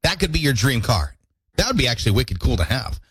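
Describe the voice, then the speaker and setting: A man hosting a morning radio show, chatty and jokey, his throat squeaky from allergies. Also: big pitch swings, quick pace, breathy edge, no room sound. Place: radio studio.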